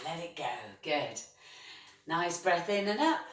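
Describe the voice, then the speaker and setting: A woman teaching a chair yoga class, guiding each breath and stretch with soft, steady encouragement. Her voice sits a little low. She sounds set back from the mic in an echoing room. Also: takes it slowly, faint music behind. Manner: gentle, encouraging, frequent praise. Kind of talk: guided movement class. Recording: roomy sound from a distance.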